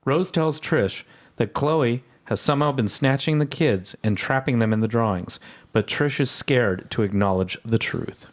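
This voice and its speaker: A man's voice: medium pitch, normal speed. A man co-hosting a podcast, chatting casually and reading a plot recap, often hesitant and restarting his sentences. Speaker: podcast co-host.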